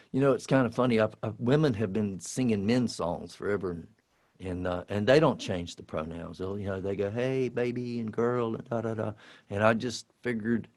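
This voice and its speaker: Rambling man chatting onstage. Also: lowish voice. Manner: rambling, halting, full of restarts. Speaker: singer-songwriter performing live. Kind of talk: casual stage banter between songs. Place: live concert venue.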